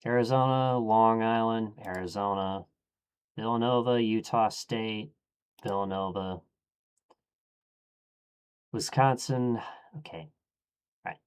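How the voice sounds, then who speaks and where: A man streaming, thinking aloud in a casual, low-key way as he murmurs his choices one after another. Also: slow, pauses often, clear, resonant tone.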